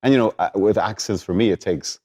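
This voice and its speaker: A man's voice: lowish voice, a little fast, a little mellow, husky. A man in his forties with an Irish accent, talking casually and hesitantly with another actor, often repeating words. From Ireland. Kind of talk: casual conversation between actors.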